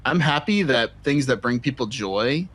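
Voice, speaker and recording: A man streaming a role-play game, talking in a dry, deadpan way. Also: medium pitch, normal speed, slight background noise. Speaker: streamer playing a character. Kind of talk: casual role-play chat.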